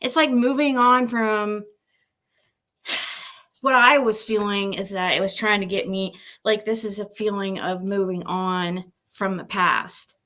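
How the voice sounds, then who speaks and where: A woman's voice: medium pitch, steady tone, takes it slowly, pushed and bright. A woman doing a casual tarot-reading livestream at home, emotional and nervous, laughing between readings and talking to her pet.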